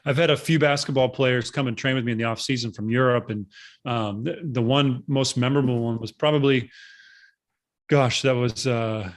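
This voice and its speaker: A man hosts a training podcast in an easy, mid-pitched voice. He talks with eager enthusiasm, wanders between thoughts and leans on fillers. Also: steady tone, moderate pace. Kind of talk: podcast interview.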